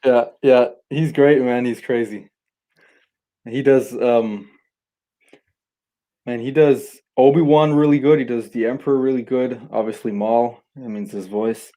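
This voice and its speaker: A man's voice: mid-range voice, fairly even intonation, measured pace, warm tone. A man chatting casually and agreeably. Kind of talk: casual chat.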